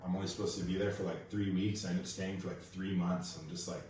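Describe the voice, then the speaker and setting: A man's voice: sits low, fairly even intonation, fast talker, a little mellow, a little hiss or hum. A man from Kauai, a pro surfer guest, telling stories in a slangy, laid-back podcast chat full of fillers. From Kauai, Hawaii. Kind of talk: casual podcast storytelling. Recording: echoey room, mic at a distance.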